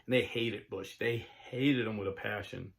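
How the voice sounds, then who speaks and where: A man's voice: lowish voice, fairly even intonation, moderate pace, gravelly. A middle-aged man hosting his own channel, talking casually through a political monologue with many restarts and fillers. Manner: rambling storytelling with frequent restarts and fillers. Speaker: channel host.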